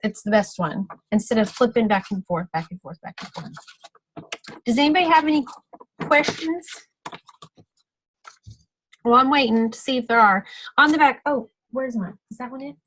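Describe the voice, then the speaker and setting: A woman's voice: a little high, expressive, normal speed, long pauses, fairly bright tone, low-quality recording. A woman giving a casual, practical training talk on a video call, chatty and full of fillers and self-corrections. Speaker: sales team trainer.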